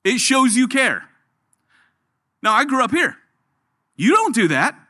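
A man's voice: very high-pitched, measured pace. A middle-aged man preaching a sermon in a church, telling jokes and stories as he goes. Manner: joking, storytelling, animated. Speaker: guest preacher.

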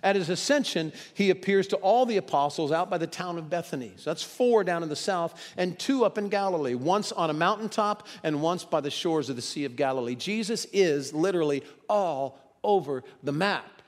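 A man preaching a sermon, moving between loud emphasis and hushed, dramatic quotes. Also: a little high, animated, normal speed, few pauses, long reverb tail.

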